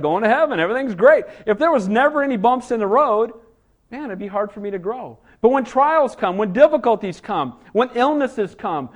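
A man preaching a sermon, a father of small children, full of rhetorical questions and frequent calls of "Amen?" to the congregation. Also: extremely high pitch. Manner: call-and-response, asks "Amen?" often; rhetorical questions, rising to emphatic cries. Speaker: pastor.

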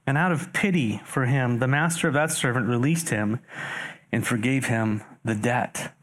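Animated male pastor preaching. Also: mid-range voice, normal speed. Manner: animated, rising sharply for emphasis and rhetorical questions; addresses congregation directly. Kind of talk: sermon reading and explaining scripture.

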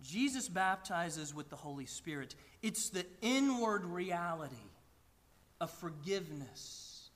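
A man's voice: high voice, bright, forceful tone, long reverb tail. A man preaching a sermon to a congregation, earnest and often stammering through restarts. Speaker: pastor. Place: church sanctuary with a congregation.

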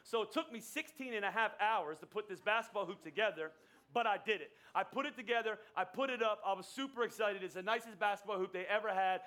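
A middle-aged man preaches in a high, bright voice. He tells his story conversationally from the pulpit and slips into the voices of the people he quotes. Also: fast talker. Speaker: pastor. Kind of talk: sermon with personal story.

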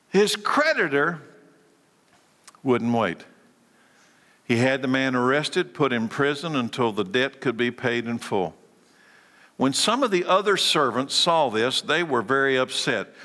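A man's voice: mid-range voice, sharp tone, big-room sound. A man preaching a sermon, emphatic, repeating key words and putting questions to his audience. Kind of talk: animated sermon.

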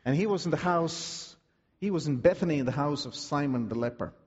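Husky, lively male preacher. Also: fairly high pitch, long reverb tail, lo-fi sound. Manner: dramatic, vivid storytelling with drawn-out words. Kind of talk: sermon.

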